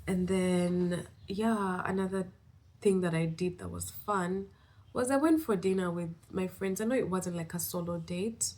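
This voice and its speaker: A woman from East Africa records a relaxed vlog update, her voice sitting a touch low. She rambles cheerfully and gushes with gratitude. A slight breathlessness runs under her words. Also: measured pace. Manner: rambling, upbeat and effusively grateful. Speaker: vlogger. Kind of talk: casual vlog check-in.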